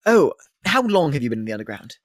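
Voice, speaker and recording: A man's voice: on the high side, big pitch swings, quick pace, dry recording. A man voicing a rambling male former slave who became a wealthy slave-owner, speaking formally in a put-on British accent during a tabletop game. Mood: chatty. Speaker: non-player character. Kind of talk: tabletop role-play voicing.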